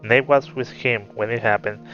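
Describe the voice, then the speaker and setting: A man's voice: mid-range voice, fairly even intonation, normal speed, fairly bright tone, natural voice. A man voicing a female warrior commander who explains earnestly, in a muffled recording with faint music.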